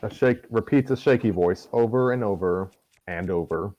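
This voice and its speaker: A man narrates a fan story in a relaxed, chatty way, trailing into fillers between lines. His voice sits on the low side. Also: moderate pace, lo-fi sound, slight background noise. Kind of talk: casual fan fiction narration.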